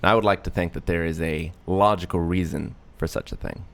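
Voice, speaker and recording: A man hosting a casual podcast about tabletop role-playing, relaxed and jokey, thinking aloud. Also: deep voice, fairly quick, gravelly. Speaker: podcast host.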